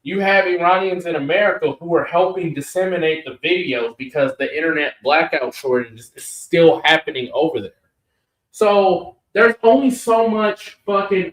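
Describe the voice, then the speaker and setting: A man argues hotly on a political reaction stream, swearing freely and hammering his points home. His voice sits a bit high for a man and bounces around an echoey room. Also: normal speed. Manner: profane, emphatic, argumentative. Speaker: co-host. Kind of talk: heated political reaction chat.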